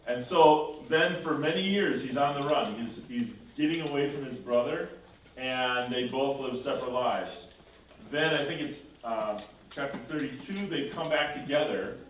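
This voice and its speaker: A man's voice: mid-range voice, normal speed. Man teaching, echoey and distant. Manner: animated retelling, acting out characters, self-correcting. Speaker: confirmation class teacher. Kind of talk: classroom storytelling. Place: church classroom. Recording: echoey room from far off with faint noise.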